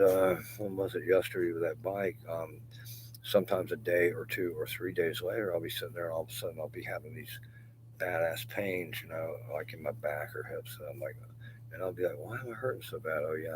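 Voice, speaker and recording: Brief: older man, deep low voice, profane confessional livestream rambler, faint hum behind. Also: poor audio. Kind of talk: rambling casual livestream monologue.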